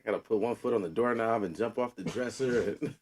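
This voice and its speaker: A man's voice: fairly low pitch, darkish tone, slightly rough. A man co-hosting a podcast, chiming in with short jokes in casual chat. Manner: joking, quick short replies. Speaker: podcast co-host.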